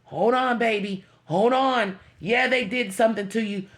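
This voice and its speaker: A woman's voice: a little high, measured pace. Emotional woman pleading with her viewers. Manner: heartfelt, pleading, repeats herself. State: emotional, near tears. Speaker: vlogger. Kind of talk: emotional motivational talk to viewers.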